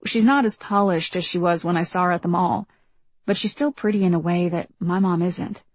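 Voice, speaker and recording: Breathy, low-voiced woman narrating. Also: fairly even intonation, dry recording. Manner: measured, reflective storytelling. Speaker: audiobook narrator. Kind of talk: first-person audiobook narration.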